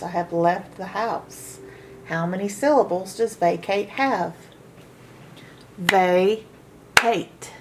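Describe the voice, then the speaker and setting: A woman teaches a phonics lesson at a very slow, careful pace. She repeats each word several times so listeners can follow along. A faint hiss of background noise sits under her voice. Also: medium pitch. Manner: slow, deliberate, repeats words for practice. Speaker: reading teacher.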